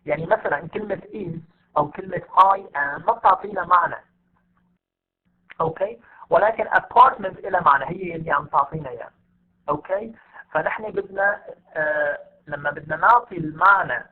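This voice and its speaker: A man teaching English word stress in an online class, stretching English examples out slowly and explaining quickly in between. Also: a little high. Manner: switches between slow, drawn-out English demonstrations and rapid Arabic explanation. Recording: tinny phone-like online audio.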